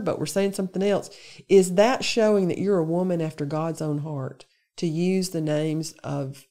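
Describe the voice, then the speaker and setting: A women's day speaker gives an earnest, conversational Bible lesson to a women's gathering. Her voice is low-pitched and dark, and she lists examples with emphasis.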